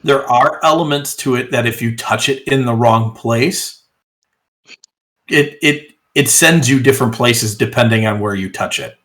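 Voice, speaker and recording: A man narrating as game master of a tabletop role-playing game, relaxed and hesitant with frequent pauses. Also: medium pitch.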